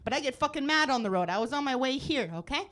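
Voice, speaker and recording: A woman works a comedy club crowd with a high voice that leaps all over the place. She is brash and profane and bursts into shouts. She keeps laughing through her lines. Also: expressive, fast talker. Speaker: stand-up comedian. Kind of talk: live stand-up set. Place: comedy club stage before a live audience.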